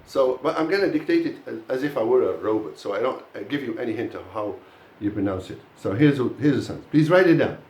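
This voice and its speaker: A man's voice: medium pitch, lively intonation, fast, darkish tone, roomy sound. A man teaching a live pronunciation lesson to a class, speaking to the students directly with many fillers and restarts.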